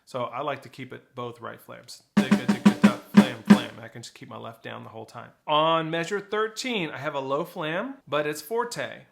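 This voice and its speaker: A man's voice: medium pitch, normal speed, gravelly, few pauses, music in the background. A man teaching snare drum technique, explaining flams and rolls and counting rhythms aloud. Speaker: percussion teacher. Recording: loud drumming behind the voice.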